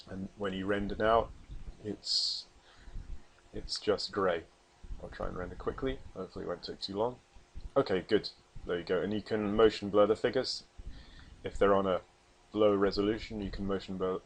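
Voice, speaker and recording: A low-voiced man talks through a software tutorial in a loose, rambling way, full of ums and false starts. He sounds a little short of breath as he explains, in a casual screen-recording manner. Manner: rambling, with many ums and restarts. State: slightly out of breath. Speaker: artist giving a software tutorial.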